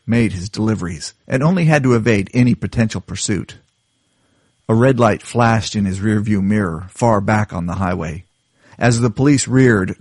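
A man's voice: fairly low pitch, a little mellow, slightly rough, dry recording, clean studio sound. A man reading his own short story as a contributing writer, with a playful intro. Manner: playful, self-mocking intro. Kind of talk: scripted story narration.

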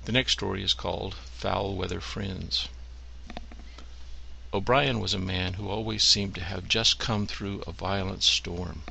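Low, gravelly, bright-edged male reader; dry storyteller, noir delivery. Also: slight background noise, poor audio. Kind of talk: reading short stories aloud.

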